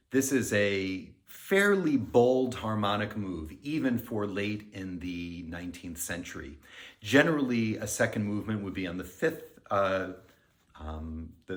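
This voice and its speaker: A middle-aged man, a music director, giving a pre-concert talk and explaining the music in an unhurried, friendly lecturing way. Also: lowish voice. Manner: explanatory, counts beats aloud and sings themes. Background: piano.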